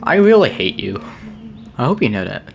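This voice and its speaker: A game streamer talks through a horror game, joking and yelling out reactions between casual asides to chat. The voice sits at a mid pitch, with a faint hiss underneath. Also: very animated, moderate pace, creaky. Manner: jokey, reactive, exclaiming. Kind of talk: live gameplay commentary.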